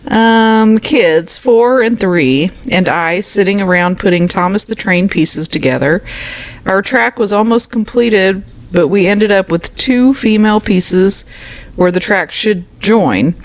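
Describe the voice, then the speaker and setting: A woman's voice: medium pitch, measured pace, no room sound, poor audio. A woman co-hosting a podcast, reading funny listener stories aloud and often laughing. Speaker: podcast co-host.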